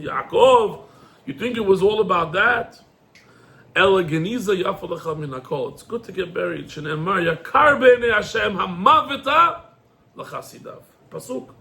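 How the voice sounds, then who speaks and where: A male rabbi a high voice and a gravelly edge, teaching an animated Torah class. He speaks laced phrases and acts out each exchange as a storyteller would. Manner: animated storyteller, acts out dialogue, rhetorical questions. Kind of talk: lively Torah class, mixing English with Hebrew quotes.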